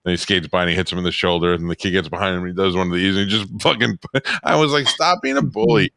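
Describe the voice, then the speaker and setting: A man hosting a podcast, talking in a rapid, crude, joking way in casual banter on a studio microphone. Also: low-pitched, gravelly, pushed and bright, no room sound. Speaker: podcast host.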